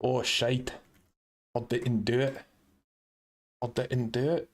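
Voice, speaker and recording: A man's voice: medium pitch, level tone, slow pace. A man hosting a casual live stream, laughing often and swearing lightly while he sets things up and talks to his chat.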